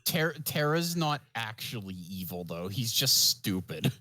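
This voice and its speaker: Male co-host, lowish voice, dry wit, dead-dry recording. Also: sing-song, unhurried, pushed and bright, no room sound. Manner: dry, wry remarks. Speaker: podcast co-host. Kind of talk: casual chat.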